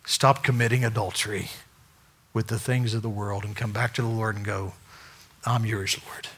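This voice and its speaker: A male pastor preaching a sermon, swinging between loud, acted-out dialogue and hushed asides. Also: fairly low pitch, fairly even intonation, fairly quick, breathy edge.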